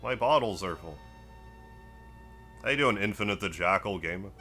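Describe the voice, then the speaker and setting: Soft music runs under this male gaming streamer, whose voice sits on the low side at a normal speed. He keeps up casual gameplay chat, relaxed and rambling, welcoming viewers and musing aloud as he plays.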